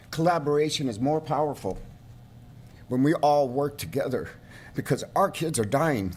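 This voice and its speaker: A middle-aged man speaks at a podium mic during a county board meeting, pleading and emotional. His voice sits at an ordinary mid pitch and surges toward near shouting at its peaks. A faint low rumble hangs in the room behind him. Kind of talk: emotional public comment. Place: council chamber.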